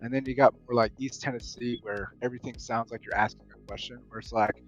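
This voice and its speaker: A man's voice: mid-range voice, steady tone, quick pace, soft background music, low-quality recording. Easygoing Southern man, rambling chat. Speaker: guest. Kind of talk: casual chat.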